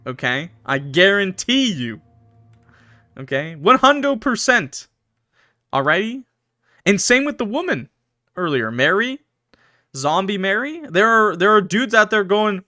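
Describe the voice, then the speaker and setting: Bright-voiced jokey man streaming a game. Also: high voice, very animated, a little slow, no room sound, soft background music. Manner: jokey, chatty asides to chat. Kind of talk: reading a visual novel aloud with casual commentary.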